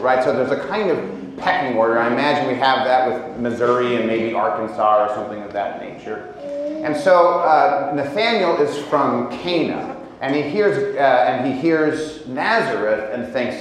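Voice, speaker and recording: A man from Indiana preaching a sermon as pastor, relaxed and conversational with touches of humor. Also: mid-range voice, moderate pace, very echoey, noisy background. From Indiana, USA. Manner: conversational and humorous, with acted quotes.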